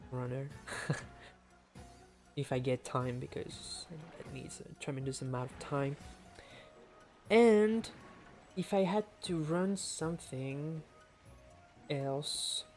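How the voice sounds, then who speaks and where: Male French-accented streamer, slow, chatty, thinks aloud with frequent laughs; faint game music behind. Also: medium pitch, a little mellow. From France. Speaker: speedrunner streamer. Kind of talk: casual live-stream commentary.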